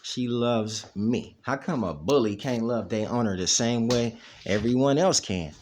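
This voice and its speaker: A man's voice: medium pitch, a little slow, darkish tone, a little hiss or hum. A man hosting a casual dog vlog at home, rambling and repeating "you know what I mean" as he plays with his dog. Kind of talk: casual chat. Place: at home, indoors. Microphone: camera.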